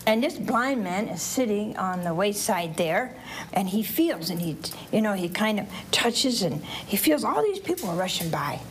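A woman preacher with a mid-range voice tells a Bible story in church at a normal speed, with slight background noise. Aimed at children and families, her storytelling sermon is animated, with questions for listeners and voices acted out.

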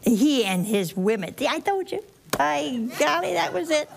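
A woman's voice: sits high, big pitch swings, moderate pace, vocal fry. A woman preaching a storytelling sermon to a live audience, chatty and folksy, laughing at her own asides and acting out the characters.

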